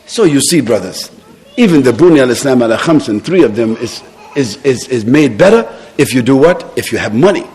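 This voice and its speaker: A male preacher giving an impassioned sermon in a mosque, firing off rhetorical questions and shouting for emphasis. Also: mid-range voice, lively intonation, fairly quick, big-room sound. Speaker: Islamic preacher.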